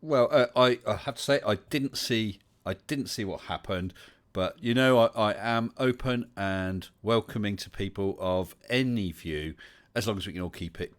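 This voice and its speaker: A man's voice: on the low side, normal speed. A man with an English West Country accent hosting a casual livestream chat, chatty and welcoming, with many fillers. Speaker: livestream host.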